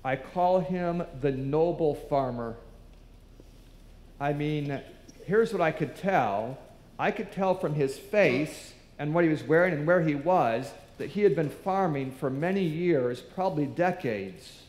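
Unhurried, with lively intonation and a darkish tone, a man with a slightly high voice gives a sermon. Recorded in an echoey church hall, he shares a story and takes on the voices of its characters.

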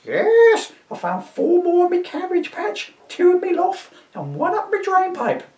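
A man voicing a shrill, indignant old village woman in a high, quavering crone voice. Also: wildly swooping pitch, a little slow, darkish tone, recorded from a distance, full character voice. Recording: roomy echo, voice from off-mic.

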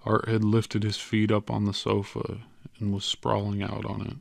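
A man narrating an audiobook in a measured, even way. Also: fairly low pitch, creaky, no echo. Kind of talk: scripted narration.

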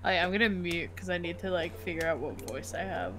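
A young woman chatting on a call with a friend during a game stream, joking and excitable. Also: lowish voice, brisk. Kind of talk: casual chat on a call.

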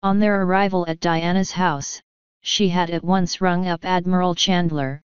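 A woman reading a mystery audiobook aloud, voicing the dialogue in a quiet, measured way. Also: lowish voice, steady tone, clean tone, no room sound, highs cut off. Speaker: audiobook narrator. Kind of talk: scripted narration.

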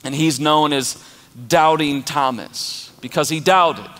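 A man's voice: on the high side, slow pace, a bit bright. A man preaching an emphatic, passionate sermon as pastor of his church. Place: church auditorium. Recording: long church reverb with music.

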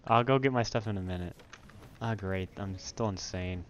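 A man hosting a let's play, chatting casually while gaming and breaking into loud startled exclamations. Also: lowish voice, moderate pace, dull audio, slight background noise.

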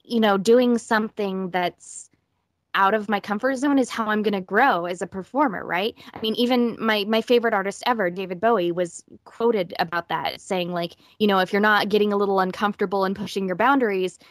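A woman's voice: mid-range voice, no room sound. Chatty woman voice actress, dry sound. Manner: chatty, quick, laughs often. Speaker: voice actress, interview guest. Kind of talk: casual interview chat.

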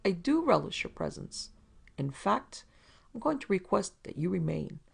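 A woman voicing a fat, smooth-talking male crook who is mock-polite and menacing. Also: medium pitch, sing-song, normal speed, pitched above the performer's own voice, full character voice.

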